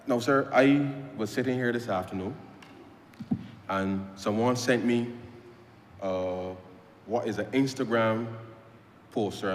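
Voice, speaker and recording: A man's voice: fairly low pitch, slight background noise. Impassioned Barbadian man in echoing chamber. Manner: impassioned, repeats himself, addresses the Speaker as sir. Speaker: member of parliament. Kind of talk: parliamentary speech. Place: parliament chamber. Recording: roomy chamber with long reverb.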